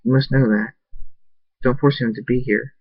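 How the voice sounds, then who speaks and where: A man's voice: medium pitch, fairly even intonation, moderate pace, dull audio, natural voice. Princess Celestia, read by a man, solemn. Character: stern, regal pony princess, calm and firm.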